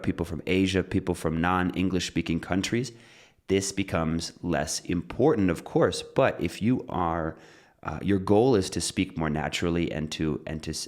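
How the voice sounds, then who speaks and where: Deep-voiced man teaching pronunciation. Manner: relaxed, explains with examples and repeats phrases. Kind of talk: casual spoken lesson.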